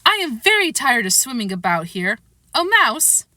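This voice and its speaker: A woman's voice: on the high side, sing-song, normal speed, sharp tone, dry recording. A woman voicing Alice, a polite, curious little girl, in a put-on English accent with a prim, earnest manner. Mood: coaxing.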